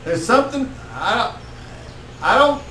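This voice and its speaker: A man's voice: lively intonation, sharp tone, heavily acted. A man voicing a timid, nervous male creature who refuses to fight, stammering in a raised voice. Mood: anxious. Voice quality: high, halting and stammering. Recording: echoey room, mic far off, faint noise.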